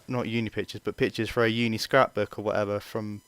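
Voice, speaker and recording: A man's voice: fairly low pitch, little pitch movement, fast talker, hardly any pauses, a bit bright, no echo. A young man telling a rambling, casual story full of fillers and swearing. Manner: rambling, chatty, swears freely, many fillers. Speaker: vlogger.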